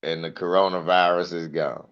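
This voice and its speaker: A man telling profane stand-up stories, animated and acting out the people in them. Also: low-pitched, moderate pace, clean tone, muffled recording. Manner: profane, animated, mimics voices. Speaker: comedian. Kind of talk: stand-up storytelling.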